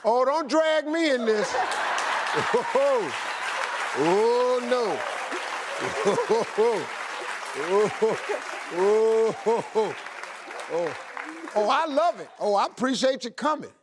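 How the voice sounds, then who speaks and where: Loud teasing comedic male host. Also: high-pitched, big pitch swings, drawn-out words, pauses often. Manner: loud teasing comic delivery, bursts of laughter. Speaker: talk show host. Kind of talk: audience Q&A banter. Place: TV studio before live audience. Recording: live studio crowd, background noise.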